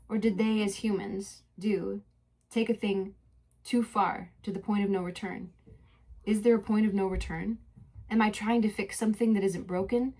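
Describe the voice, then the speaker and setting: A young woman telling a deeply personal story on her podcast. Her voice is soft and introspective, and she sits at an everyday middle pitch. The delivery drifts between poetic narration and loose, chatty asides. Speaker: podcast host. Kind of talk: mix of reflective spoken narration and casual chat.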